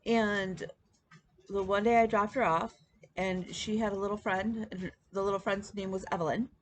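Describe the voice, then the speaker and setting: A woman's voice: medium pitch, fairly even intonation, moderate pace, slight background noise. A woman in her thirties chatting casually to camera as a stitching vlog host, rambling with many ums and restarts. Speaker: flosstube host.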